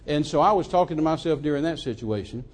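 An older man, preaching a sermon as a lively story, often repeating words, on a handheld mic in a church. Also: fairly high pitch, fast. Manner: animated, repeats words, acts out quoted voices. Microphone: handheld microphone.

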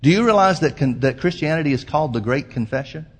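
A man preaching a sermon as pastor, emphatic, slowing down to quote scripture. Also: a little high, lively intonation, husky.

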